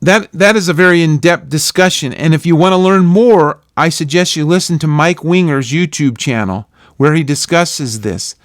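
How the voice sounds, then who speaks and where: A man with a slightly raised voice teaches from the Bible in a measured, earnest manner. His lesson sounds scripted and explanatory. The recording is dry and close, with no room sound. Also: on the high side, dry recording.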